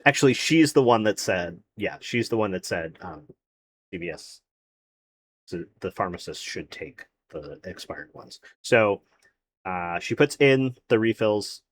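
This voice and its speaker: A man's voice: on the low side, lively intonation, unhurried, a little hiss or hum. A man streaming, chatting casually and rambling about his day, swearing freely. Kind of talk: casual chat to a live stream chat.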